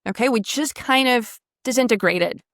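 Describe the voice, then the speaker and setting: A woman coaching pronunciation in a one-on-one lesson, her voice sitting a little high. She models each sound, sings it out and keeps praising the student. The sound is dry and close. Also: normal speed, fairly bright tone, dry recording.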